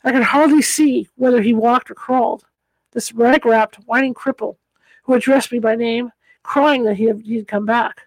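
A woman reading a classic story aloud as an audiobook, telling it in a measured way. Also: a little high, darkish tone, no echo, poor audio. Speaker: audiobook reader.

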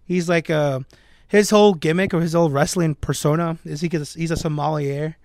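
A young man co-hosting a podcast, telling a story in a casual, animated way with jokey asides. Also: fairly high pitch, fairly quick, no room sound, studio quality. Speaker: podcast co-host. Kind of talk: casual chat.

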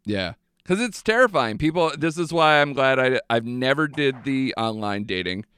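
A man's voice: medium pitch, lively intonation, moderate pace, fairly bright tone, clean tone. A young man hosting a movie podcast, chatting casually and animatedly with lots of fillers. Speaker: podcast host.

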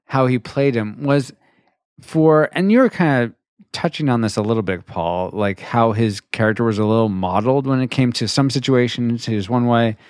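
A man co-hosting a casual movie-review chat, animated and teasing, laughing often. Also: mid-range voice, normal speed, clear, resonant tone, no echo, clean studio sound.

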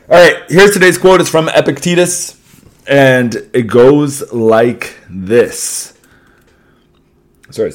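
A young man, hosting a podcast and telling a casual story, laughing often, swearing, and asking "right?" a lot. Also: mid-range voice. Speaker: podcast host.

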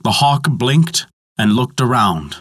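A man narrating a mythology story in a measured, dramatic storytelling manner. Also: mid-range voice, expressive, a bit bright, no echo, clean studio sound.

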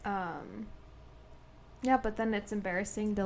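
Slow-talking young woman with a Midwestern accent. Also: medium pitch, slight background noise. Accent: Midwestern American. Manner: slow, hesitant, giggly. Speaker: podcast co-host. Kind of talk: casual chat.

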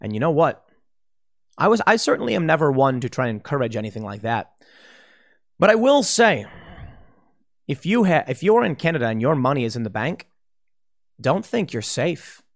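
A political commentator delivers an emphatic opinion piece, warning his listeners and sketching out speculative scenarios, restarting his sentences now and then. His slightly high voice swings widely in pitch at a normal speed, with long pauses.

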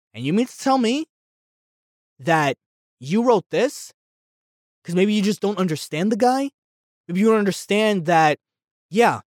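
A young man hosting a solo podcast, ranting heatedly and swearing. He repeats himself and swings between yelling and muttering. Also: high-pitched, dry recording, clean studio sound. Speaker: podcast host.

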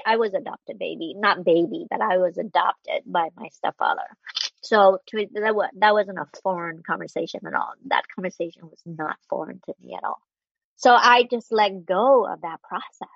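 A woman with a husky, slightly breathy voice shares a personal story in an earnest, heartfelt way, stopping and restarting now and then. The sound is dry and close, on a dull, lo-fi recording. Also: medium pitch, no echo. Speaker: interview guest. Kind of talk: candid personal storytelling in conversation.

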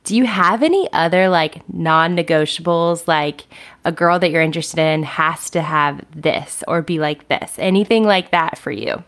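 A woman co-hosting a casual podcast, talking in a chatty way full of fillers. Her voice sits a little low. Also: moderate pace, fairly bright tone. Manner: chatty, lots of "like". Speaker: podcast co-host. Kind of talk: casual chat.

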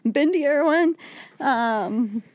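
A woman in her twenties, a comedian guest, joking in a self-deprecating way with deadpan asides and frequent giggles. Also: high-pitched, takes it slowly, no room sound. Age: 20s. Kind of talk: casual comedy chat.

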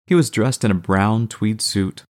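A male audiobook narrator with a low voice. He reads slowly and steadily, keeping the story even and clear.

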